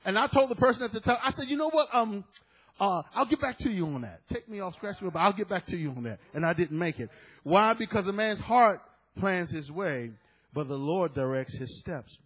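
A middle-aged man preaching a sermon, telling a story with animated quoted dialogue. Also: sits high, normal speed, slightly rough, low-quality recording.

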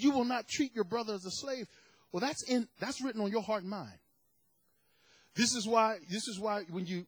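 Husky-voiced preacher shouting with fervor. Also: male voice, sits high, no room sound, rough recording. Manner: rises to shouted, fervent preaching. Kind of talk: sermon.

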